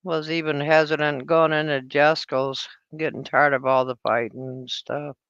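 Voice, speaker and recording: Smooth-voiced woman on a headset. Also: low-pitched, little pitch movement, moderate pace, a bit bright, dry recording, muffled recording. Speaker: stream panelist. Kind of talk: casual chat.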